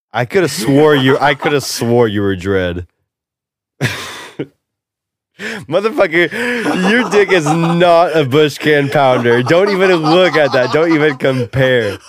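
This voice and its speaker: A man's voice: fairly high pitch, lively intonation, takes it slowly. A man hosting a casual podcast, brash and joking, swearing freely. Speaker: podcast host. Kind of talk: casual crude banter and ad read.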